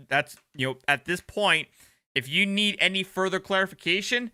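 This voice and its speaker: A man's voice: on the high side, moderate pace, pushed and bright, smooth, no echo, clean studio sound. A man streaming reaction commentary over court footage, sarcastic and profane, talking back at the clip. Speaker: livestream commentator.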